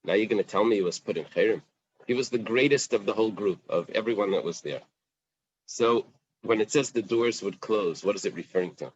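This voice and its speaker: A man's voice: lowish voice, fairly quick, breathy edge, no echo, lo-fi sound. A man teaching a Talmud class in plain English, mixing in Aramaic and Hebrew quotes, with fillers and restarts. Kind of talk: daf yomi Talmud class.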